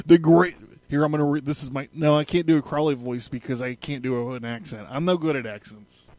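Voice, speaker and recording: A man's voice: on the high side, moderate pace, a little mellow, no room sound. A man hosting a podcast, talking in a rambling, profane way that often stops to correct itself. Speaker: podcast host. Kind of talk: casual podcast monologue.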